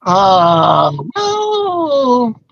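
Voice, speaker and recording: A man's voice: very high-pitched, huge pitch swings, extremely slow, vocal fry, fairly bright tone, no room sound, lo-fi sound. An older man co-hosting a casual live show, rambling through stories and reading out viewer comments. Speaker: co-host. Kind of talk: casual live-stream chat.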